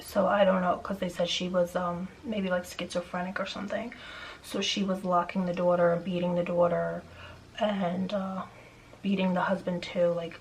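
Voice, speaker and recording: A woman's voice: mid-range voice, gravelly, slight background noise, low-quality recording. A woman vlogger telling a neighbor story in casual, rambling chat, venting with frequent restarts.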